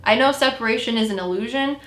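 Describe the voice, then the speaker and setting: Woman podcast co-host, rambling storyteller, bright tone, roomy echo. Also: fairly high pitch, fast, soft background music. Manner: chatty, rambling, retells conversations with spirits. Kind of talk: casual chat.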